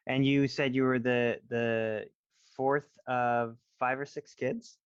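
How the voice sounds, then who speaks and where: A man's voice: mid-range voice, flat delivery, smooth, no room sound. Man hosting, dry dull lo-fi sound. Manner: encouraging, quick affirmations. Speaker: podcast host. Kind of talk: casual interview chat.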